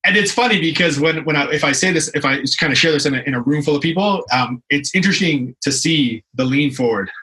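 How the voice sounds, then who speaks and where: A man's voice: fairly high pitch, quick pace, few pauses, pushed and bright, low-quality recording. A young adult man from Canada, a fitness professional guest in a casual interview, telling stories animatedly with frequent restarts and fillers.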